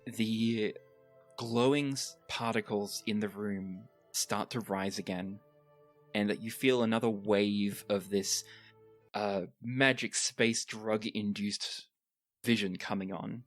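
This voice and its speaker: Man game master, deliberate pacing, faint music under. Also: fairly low pitch, steady tone. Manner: slow, halting narration. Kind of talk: narrating a tabletop game.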